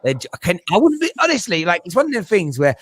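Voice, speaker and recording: A man chatting casually as a football podcast pundit, animated and joking, slipping into mimicking voices. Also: sits high, fast talker, no room sound.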